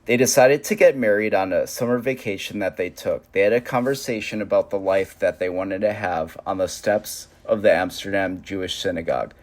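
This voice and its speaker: A man with a lowish voice narrates a family memorial tribute in an even, plain storytelling way. His reading is steady and unhurried, with the feel of a prepared script. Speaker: memorial narrator, son of the deceased.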